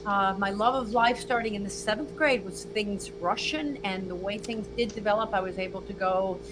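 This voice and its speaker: A woman in her sixties from Virginia, a music historian interviewed as a guest, telling her story in a lively conversational way and acting out the voices of people she quotes. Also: medium pitch, normal speed, background noise. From Virginia, USA. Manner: animated storyteller who acts out quoted dialogue.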